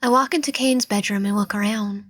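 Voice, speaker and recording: A woman reading a visual novel aloud, slowly, with frequent slips and self-corrections. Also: mid-range voice, fairly bright tone, slight background noise, low-quality recording. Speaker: let's play narrator.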